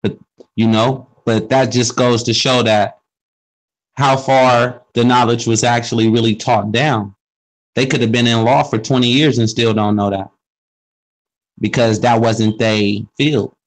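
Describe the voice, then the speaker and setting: Brief: man, middle pitch, relaxed slangy explainer in a casual group talk. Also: a little slow, poor audio. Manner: explains with questions and street slang. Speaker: speaker in a group discussion. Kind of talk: casual conversational monologue.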